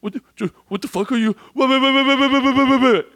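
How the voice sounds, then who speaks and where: Man doing his grossed-out brother, scoffing, stammering wait wait wait, higher and lively. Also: exaggerated voice. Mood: disgusted. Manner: repeats "wait" in rapid disbelief.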